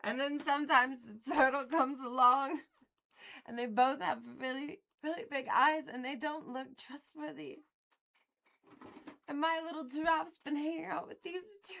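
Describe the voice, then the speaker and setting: A woman's voice: high voice, steady tone, normal speed, gravelly, sharp tone. A woman livestreamer chatting casually with viewers in a playful, rambling way and giggling often.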